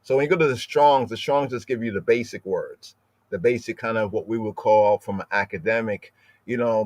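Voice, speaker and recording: A man's voice: lowish voice, no room sound. A man hosting a streamed scripture study, explaining at length, repeating words and often tagging "right?". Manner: lingers over word pronunciations. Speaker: podcast host teaching scripture.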